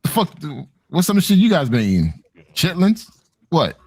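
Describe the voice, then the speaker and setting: A man's voice: fairly high pitch, huge pitch swings, moderate pace, a little mellow, dry recording. A man on a panel cutting in bluntly during a heated debate. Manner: blunt, interjecting.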